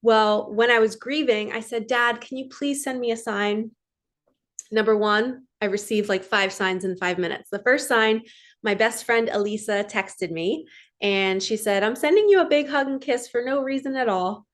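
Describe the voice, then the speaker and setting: A woman's voice: on the high side, moderate pace. Earnest woman in her thirties coaching. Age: 30s. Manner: earnest, emphatic, repeats mantras. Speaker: spiritual coach. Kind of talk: casual inspirational monologue.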